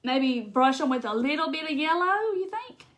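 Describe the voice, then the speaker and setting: A woman with a Southern accent chats through a live crafting session. Her voice sits a little high, and her talk is folksy and loose, full of asides and small laughs. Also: expressive, moderate pace. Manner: chatty, folksy, laughs often, thinks aloud. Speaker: craft livestream host. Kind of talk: casual chat while crafting.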